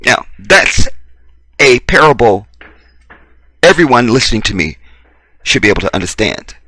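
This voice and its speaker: A man holds forth in a preachy commentary, his pitch swinging widely. His voice is bright and forceful, and the sound is dry and close. He swears freely and talks straight to his audience. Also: animated, moderate pace, slightly rough, no echo. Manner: emphatic, profane, addresses listeners directly. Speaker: video commentator.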